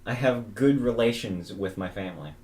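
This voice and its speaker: A young woman with an unusually low voice reads out quiz questions on a podcast. Her delivery is dry and deadpan. The sound is roomy and echoey. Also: moderate pace. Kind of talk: casual chat. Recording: echoey room.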